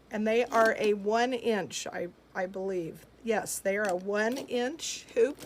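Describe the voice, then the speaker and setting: Broadcasting live from her shop, a woman sells jewelry in an upbeat, chatty way, answering viewer comments with frequent fillers and laughs. Her voice is medium-pitched, with slight background noise.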